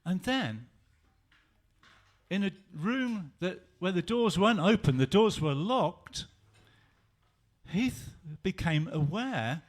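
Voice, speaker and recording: A male pastor giving an animated storytelling sermon. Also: high voice, slow, pauses often.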